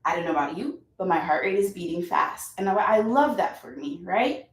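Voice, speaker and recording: A woman's voice: fairly low pitch, animated, moderate pace. A woman yoga instructor guiding a class, upbeat and playful, chatty with whoops and laughter. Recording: echoey room, mic at a distance.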